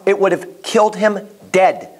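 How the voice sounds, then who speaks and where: A man teaching a Bible class in a casual, animated way, telling stories and often restarting his sentences. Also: high voice, unhurried. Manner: animated, storytelling, repeats himself, many restarts.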